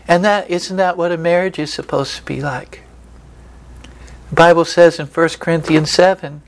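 Folksy preaching man, fairly high voice. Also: fairly even intonation, moderate pace, creaky. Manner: folksy and emphatic, swinging between loud and soft. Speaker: pastor. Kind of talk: sermon.

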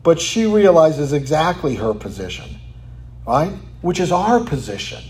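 A man delivering a sermon in a fairly high voice, lively and conversational. He keeps asking the listeners questions and tags his points with "right?". For emphasis he sometimes drops to a near whisper. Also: measured pace. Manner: animated, rhetorical questions, many "right?" asides, drops to quiet for emphasis. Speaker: pastor.

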